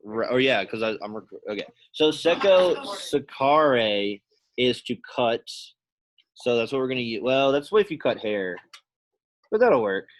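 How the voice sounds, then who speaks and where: A man's voice: medium pitch, animated, brisk. A man teaching a Latin class, casually quizzing students by name and thinking aloud as he works through sentences in a classroom. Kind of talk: classroom lesson.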